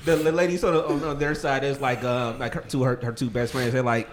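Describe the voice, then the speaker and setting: Fast-talking man who rambles. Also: medium pitch, flat delivery, over a noisy crowd. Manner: rambling, repeats words. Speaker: podcast co-host. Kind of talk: casual podcast banter.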